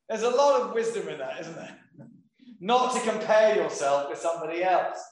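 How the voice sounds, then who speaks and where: A man preaching a sermon, reading scripture slowly and deliberately between conversational asides. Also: high voice, lively intonation. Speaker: pastor. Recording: very echoey room.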